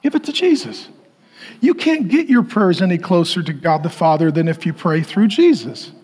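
A male preacher with a high, husky voice that swoops up and down as he teaches. He delivers his sermon with playful asides and sudden loud bursts to the congregation. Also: lively intonation, moderate pace. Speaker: pastor.

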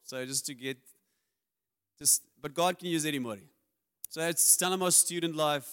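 A man's voice: on the high side, normal speed, fairly bright tone, clean tone. A man, preaching a sermon as a pastor in a candid, confessional way with self-deprecating humor.

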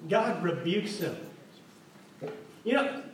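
Speaking slowly in a high voice with lively intonation, a pastor jokes and asks questions of his congregation during a playful sermon. The recording is distant and echoey, as in a large hall, with faint noise.

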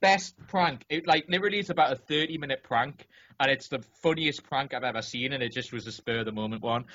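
Excitable man telling a story, bright voice. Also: medium pitch, fast talker. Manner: animated, rambling, many restarts and fillers. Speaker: podcast co-host or guest. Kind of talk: casual podcast chat, telling a story. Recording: dull lo-fi podcast audio.

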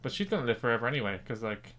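A quick-fire Irish man trading casual banter as a podcast co-host. His pitch sits in the middle range, and he hands out blunt opinions with a deadpan tone. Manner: blunt, deadpan hot takes.

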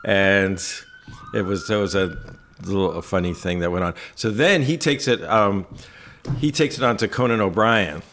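Low-voiced man telling lively stories. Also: normal speed, a little hiss or hum. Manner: animated anecdotes with quoted asides and laughs. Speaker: photographer guest. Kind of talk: casual storytelling interview.

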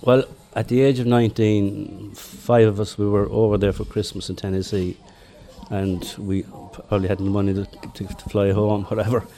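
A man's voice: on the low side, level tone, moderate pace, dark tone. Older Limerick man spinning yarns. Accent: Limerick Irish. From Ireland. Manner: chatty anecdotes with chuckles. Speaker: interviewee, former marathon runner. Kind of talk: relaxed storytelling.

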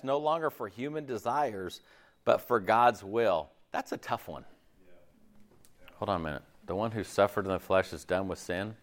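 A man preaching a sermon in an animated, conversational way, acting out quick asides. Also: medium pitch. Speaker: pastor.

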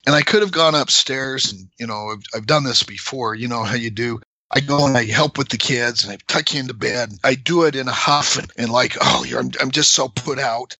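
A middle-aged man explaining scripture in a measured, conversational way, sometimes emphatic. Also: medium pitch, bright, forceful tone, no echo, poor audio.

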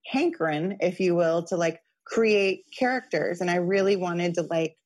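Woman, casual talk, slightly low pitch, chatty, lots of fillers. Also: moderate pace, darkish tone. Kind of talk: casual chat.

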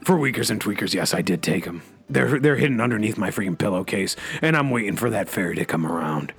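A man hosting a comedy radio show, delivering a rambling in-character monologue full of a repeated catchphrase, swinging between loud outbursts and low asides. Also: expressive, quick pace, slightly rough, soft background music. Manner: peppers every sentence with a repeated catchphrase.

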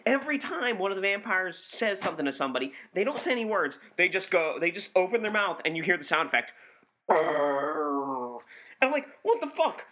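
A man's voice: high voice, lively intonation, quick pace, few pauses, sharp tone. A man co-hosting a movie review podcast, swearing freely and ranting with exasperation in casual chat.

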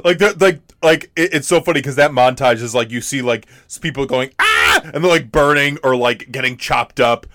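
A man co-hosting a casual podcast about a film, halting and full of fillers. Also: mid-range voice, a bit bright. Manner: halting, repeats words, many fillers. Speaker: podcast co-host. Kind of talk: casual movie discussion.

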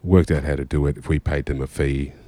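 Deep-voiced man telling stories. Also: fairly even intonation, brisk, warm tone, no echo. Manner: swears freely, rambling anecdotes with "anywho". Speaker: musician guest. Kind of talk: casual storytelling chat.

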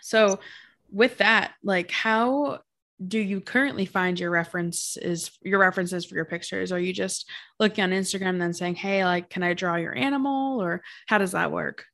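A woman's voice: on the low side, fairly even intonation, moderate pace, gravelly, a bit bright. Female host, casual, friendly, lightly teasing interviewer.

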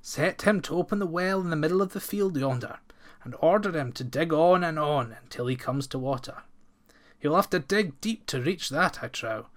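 A man reading aloud and voicing the oldest, wisest man of the countryside, who speaks slowly and solemnly in old-fashioned words. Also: a little high, expressive, close to an everyday voice. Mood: grave. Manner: slow, solemn, archaic speech.

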